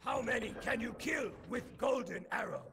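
A man voicing a video game arena master who commands gladiators, with a gravelly, commanding voice. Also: very high voice, moderate pace. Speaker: game announcer. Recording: reverberant arena, faint game noise.

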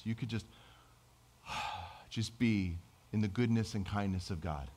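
A man's voice: on the low side, normal speed, long pauses, darkish tone. A middle-aged man preaching a sermon as pastor, in a conversational, self-deprecating way with acted-out quotes.

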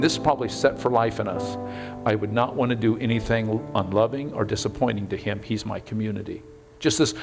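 Conversational pastor preaching, music beneath. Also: male voice, medium pitch. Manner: conversational, animated, with sudden shouts and hushed moments. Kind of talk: sermon. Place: church sanctuary.

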